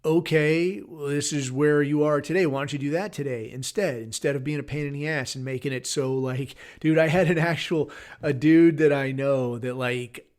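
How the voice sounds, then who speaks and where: A middle-aged man hosting a podcast, rambling through a casual, blunt and heavily profane rant. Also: on the high side. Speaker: podcast host.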